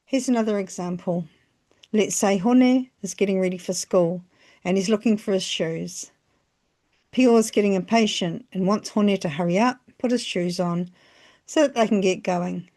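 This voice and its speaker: A woman narrating a scripted language lesson, phrasing each example slowly and carefully. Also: mid-range voice, warm tone. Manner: slow, careful phrasing with pauses between examples. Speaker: language teacher.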